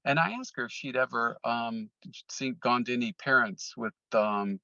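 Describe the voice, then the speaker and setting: Bright, forceful man telling a story. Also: mid-range voice, normal speed, creaky, dry recording, lo-fi sound. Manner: rambling, frequent ums and restarts. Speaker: interview guest. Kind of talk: casual storytelling.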